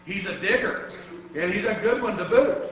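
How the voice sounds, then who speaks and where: A man voicing a loud, blustery pirate captain in a storybook reading. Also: moderate pace, heavy reverb, far from the mic, dull audio, slight background noise, natural voice. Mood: booming. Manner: booming, shouted.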